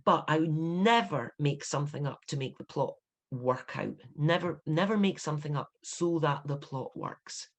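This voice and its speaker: A Scottish woman in her fifties, an author giving an instructive talk to writers, emphatic and animated, with bursts of indignation. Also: sits low, normal speed. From Scotland. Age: 50s.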